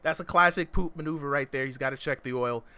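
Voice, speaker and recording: This is live, esports-style fight commentary: a man hypes up a boxing exhibition with lots of slang, repeatedly asking "you know what I'm saying". He talks fast in a pushed, bright mid-range voice, and the livestream audio is noisy.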